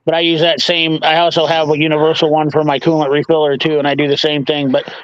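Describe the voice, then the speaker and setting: A man's voice: fairly high pitch, completely flat delivery, fast talker. A man chats casually on a live stream, explaining things in a matter-of-fact way. His voice sits a bit above the usual male range. The sound is muffled and lo-fi. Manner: matter-of-fact shop talk. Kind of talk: casual chat. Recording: dull lo-fi audio.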